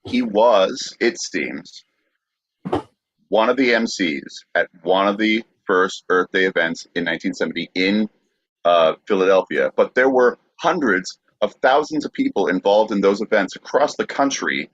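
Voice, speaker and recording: A male podcast host recounts a true crime story, stumbling through fillers as he checks his notes. His voice sits low, and the recording sounds dry and a little muffled. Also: lively intonation, fairly bright tone, breathy edge, no echo. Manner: halting, filler-heavy.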